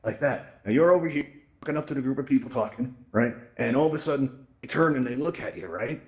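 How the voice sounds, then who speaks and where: A man hosts a virtual reality tutorial event, speaking casually into a headset mic in a mid-range, slightly mellow voice at a quick pace. His presentation is chatty, and he keeps tagging lines with "right?" and "you know".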